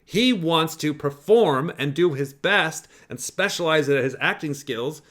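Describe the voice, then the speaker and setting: A man's voice: a little high, animated, measured pace, a bit bright. A man hosting a commentary show, talking through a clip in a rambling, profane way with lots of fillers. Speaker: podcast host analyzing clips. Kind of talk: casual commentary.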